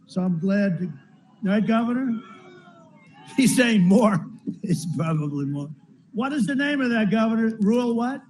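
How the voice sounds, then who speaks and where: A man's voice: high voice, expressive, measured pace, pauses often, darkish tone, slight background noise, low-quality recording. A man giving a campaign rally speech, rambling and repetitive, with frequent asides to the crowd. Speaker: politician addressing a rally. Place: large rally venue.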